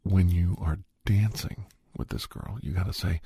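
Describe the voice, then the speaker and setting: A man's voice: low-pitched, unhurried, gravelly, dark tone, husky, dry recording. A middle-aged man in a whispered role-play as a counselor, giving rambling, coaxing advice in a half-whisper close to the mic.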